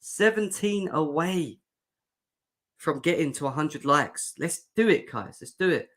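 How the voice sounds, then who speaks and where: A man's voice: a little high, animated, unhurried, fairly bright tone. Young male livestream host; casual, sarcastic, banters with the chat. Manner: sarcastic, joking, reads out chat comments. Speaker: fan show host. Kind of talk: livestream football reaction chat.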